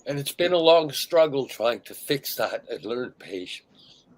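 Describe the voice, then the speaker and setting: A middle-aged man hosting an interview, speaking candidly and emphatically, sometimes dropping to hushed tones. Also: medium pitch, very animated, unhurried, rough recording. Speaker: host.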